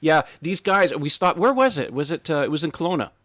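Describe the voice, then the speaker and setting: A man's voice: on the high side, lively intonation, fairly quick, a bit bright, dry recording, clean studio sound. A man co-hosting a podcast, chatting casually and laughing easily. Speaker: podcast co-host. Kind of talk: casual chat.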